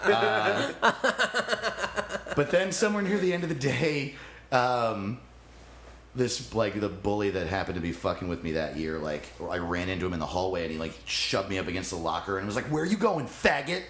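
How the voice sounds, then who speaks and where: A comedian guest telling a funny story in casual chat, laughing often and swearing freely. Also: male voice, low-pitched, normal speed, fairly bright tone, reverberant, a little hiss or hum.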